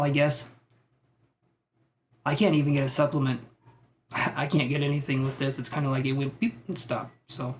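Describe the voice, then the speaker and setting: A man giving psychic tarot readings on a live stream. He talks in a tentative, musing way, thinks out loud with many fillers, and reassures his viewers. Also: on the high side, slight background noise. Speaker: tarot reader.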